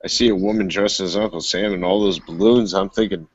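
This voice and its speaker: A man's voice: deep voice, fairly even intonation, brisk, husky. A man on a podcast, making crude, laid-back jokes in casual banter. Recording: dull lo-fi audio.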